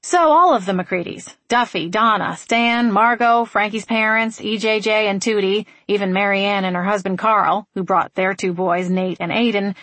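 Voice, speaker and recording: A woman narrating an audiobook in an even, wry storytelling manner. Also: medium pitch, moderate pace, hardly any pauses, no room sound.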